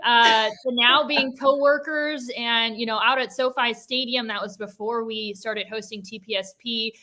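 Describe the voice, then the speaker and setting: A young woman co-hosts a sports chat show, rambling with lots of fillers and gentle teasing. Her voice is bright and forceful. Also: a little high, fairly even intonation, moderate pace. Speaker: co-host. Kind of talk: casual chat.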